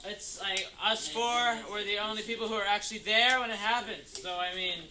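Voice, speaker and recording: A man's voice: high voice, fairly even intonation, moderate pace, sharp tone, echoey room, rough recording. A young man in his late teens telling a tall tale in a rambling, tongue-in-cheek way, full of "like". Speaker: storyteller. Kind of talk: casual comic storytelling.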